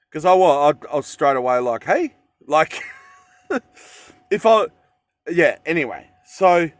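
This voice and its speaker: A man's voice: fairly high pitch, smooth, no room sound. An Australian man telling a story in a casual vlog, rambling with fillers and self-corrections. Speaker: vlogger.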